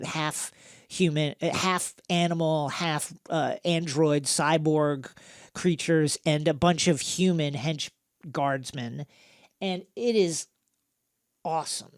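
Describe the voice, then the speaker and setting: A man hosting a podcast, recapping a film in a casual, animated way with many fillers. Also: on the high side, slow pace, dry recording, studio quality. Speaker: podcast host.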